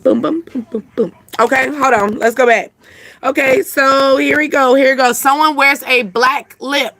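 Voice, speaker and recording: High bright chatty woman reader. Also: fairly even intonation, normal speed, no echo. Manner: rambling, chatty, answers chat comments. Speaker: channel host giving intuitive readings. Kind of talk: casual live reading to chat.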